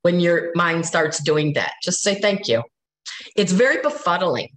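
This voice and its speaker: A woman with a slightly hoarse voice tells stories in an easy, animated way. She sits at a middle pitch, and her speech rings in an echoey room. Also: a little slow. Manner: storytelling, animated, laughs often. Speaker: guest speaker. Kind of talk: casual spiritual talk.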